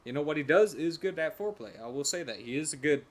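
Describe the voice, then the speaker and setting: A man's voice: on the high side, lively intonation, fast talker. Laughing, teasing podcast co-host man. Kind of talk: casual chat.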